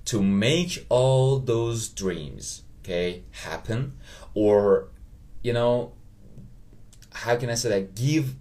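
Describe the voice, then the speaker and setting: A man with a Persian accent, a native Persian speaker, hosting a motivational solo podcast in English, earnest and halting, often checking in with "okay?". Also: medium pitch, a little mellow. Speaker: podcast host.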